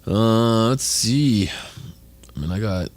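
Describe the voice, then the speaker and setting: Женщина с очень низким голосом, шутит. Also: female voice, very deep voice, expressive, slow pace, darkish tone. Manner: joking interjections, crude humor. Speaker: podcast co-host. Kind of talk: casual chat.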